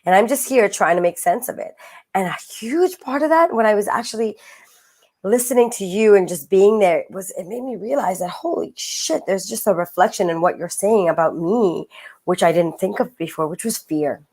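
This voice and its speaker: A woman co-hosting a casual podcast chat, animated and laughing, with lots of "like". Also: medium pitch, normal speed. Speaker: podcast co-host.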